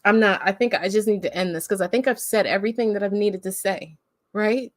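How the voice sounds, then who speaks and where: A woman's voice: mid-range voice, a little fast, no echo. A woman hosting a live stream, talking bluntly and emphatically with heavy swearing in casual commentary. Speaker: livestream host.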